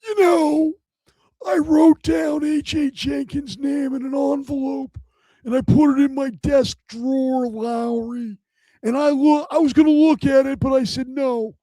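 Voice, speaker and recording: A man's voice: very high voice, dark tone, dry recording, pitched above the performer's own voice. A man doing a comic impression of a male football executive with a strained voice, rambling through a self-mocking confession. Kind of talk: comic impression on a live show.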